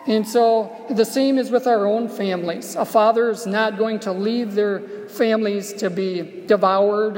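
Reflective male preacher in reverberant church. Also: sits high. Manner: reflective storytelling, softly slowing on key phrases. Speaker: Catholic preacher. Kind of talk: homily.

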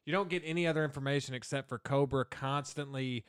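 A man in a relaxed movie-review chat, speaking at an everyday middle pitch. He jokes around, laughs a lot and breaks into goofy voices while making his points. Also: fast talker, clear, resonant tone. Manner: jokey, laughs often, slips into silly voices. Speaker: podcast co-host.

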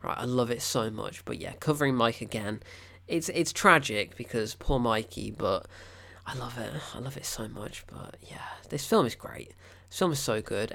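A man's voice: mid-range voice, vocal fry, a bit bright. A man, gushing and rambling in a casual film review. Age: 20s.

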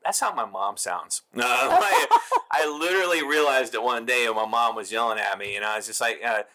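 A man's voice: medium pitch, expressive, brisk, bright, forceful tone. A man chatting as a guest, telling stories in a self-deprecating way and laughing often. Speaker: guest, comedian and psychologist. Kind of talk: casual chat.

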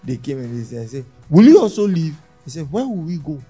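Male pastor, sermon, animated pitch, bursts and hushes. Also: brisk, slightly rough, soft background music. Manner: preaching with sudden shouts and hushed drops.

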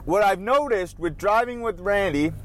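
A man's voice: sits high, moderate pace, fairly bright tone. A man hosting his own podcast as a casual, rambling vlog, cursing and complaining while driving and shopping. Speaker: podcast host. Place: car and store, on the go.

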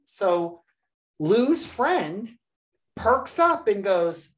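A woman hosting a podcast talks slowly in a mid-range voice. She relates a long story in an easygoing chat, bringing it to life by acting out the people she quotes.

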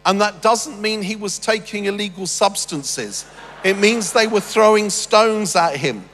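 A man's voice: high voice, measured pace. A man preaching a sermon, reading scripture and breaking off into humorous asides. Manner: humorous, animated storytelling with asides. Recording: long reverb with faint music.

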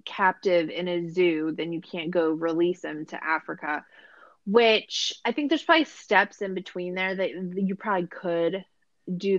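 A woman's voice: fairly low pitch, no room sound, muffled recording. A woman hosting a podcast, recapping a show in a sarcastic, rambling casual chat with lots of filler words. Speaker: podcast host.

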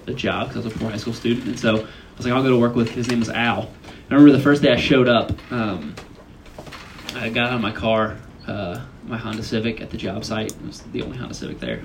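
A man's voice: medium pitch, a little hiss or hum, rough recording. A young man giving a casual, conversational sermon at a college retreat, often asking the listeners questions. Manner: chatty, asks the audience questions.

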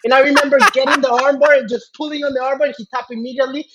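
A man's voice: very high voice, level tone, racing, sharp tone, muffled recording. A man telling a story as a podcast guest, rambling with lots of fillers and restarts, laughing often. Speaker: podcast guest, jiu-jitsu student. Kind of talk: casual storytelling chat.

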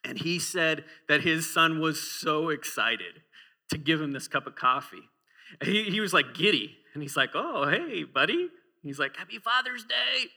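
A man's voice: a little high, normal speed, pushed and bright. A man in his forties preaching a sermon in a church, conversational and humorous, often asking the congregation questions.

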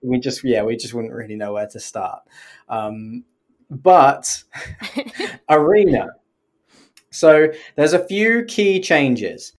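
A woman's voice: rumbling low, slow. A woman co-hosting a podcast in easy, rambling chat. She laughs while she explains, swears now and then, and drops into goofy put-on for single words. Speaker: podcast co-host.

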